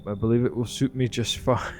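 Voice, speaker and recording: A man's voice: mid-range voice, fairly even intonation, a little fast, slight background noise, natural voice. A man voicing a smug, formal nun who lectures in a prim, condescending way. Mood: haughty. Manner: formal, preachy, mildly condescending.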